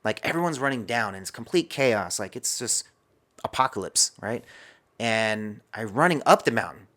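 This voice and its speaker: A man's voice: fairly low pitch, animated, moderate pace, sharp tone. A man as a podcast guest, telling a personal story and acting out his own inner dialogue.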